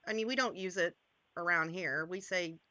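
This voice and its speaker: A woman's voice: lowish voice, moderate pace, pushed and bright, no echo, dull audio. A woman from Maryland hosting a channel, chatting casually, rambling and laughing a lot. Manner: laughing, rambling, self-interrupting. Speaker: channel host. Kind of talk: casual chat.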